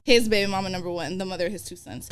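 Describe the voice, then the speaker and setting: Fast-talking, animated young woman storyteller. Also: on the low side, a little hiss or hum. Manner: animated, profane, acts out quoted dialogue. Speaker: podcast guest. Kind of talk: casual storytelling chat.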